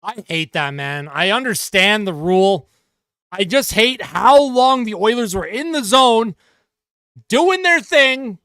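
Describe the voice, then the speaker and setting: A man's voice: high voice, lively intonation, takes it slowly, bright, forceful tone, clean tone, dry recording, clean studio sound. A man streaming live fan reaction and play-by-play commentary, swearing and ranting about calls. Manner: exasperated, swearing, rants at calls.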